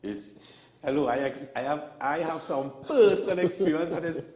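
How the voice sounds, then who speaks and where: A man's voice: fairly high pitch, moderate pace, echoey room. A man, a guest telling stories in a casual talk show, acting out the people he quotes. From Trinidad and Tobago. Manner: animated storyteller, acts out quotes.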